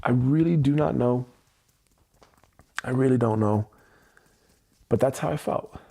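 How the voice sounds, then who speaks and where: Gravelly, dark-voiced man reflecting candidly. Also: mid-range voice. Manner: slow, candid, searching self-reflection. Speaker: EFT tapping livestream host. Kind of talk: personal reflective livestream talk. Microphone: livestream mic.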